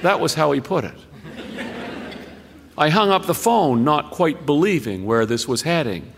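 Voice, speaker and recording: A man reading a listener's story aloud on the radio, measured and expressive, with deliberate pauses. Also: on the high side, in a large hall, slight background noise.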